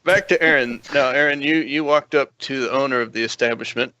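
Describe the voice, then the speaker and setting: A man's voice: medium pitch, a little fast, sharp tone. A man narrating as dungeon master in an easygoing way, laughing often, on dull lo-fi audio. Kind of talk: narrating a tabletop game. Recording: dull lo-fi dry stream audio.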